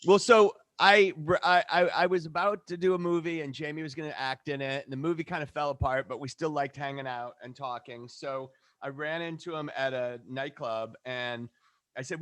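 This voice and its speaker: A man guest, a film director, talking in casual chat, halting with many stammered restarts. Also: on the high side, steady tone, fairly bright tone.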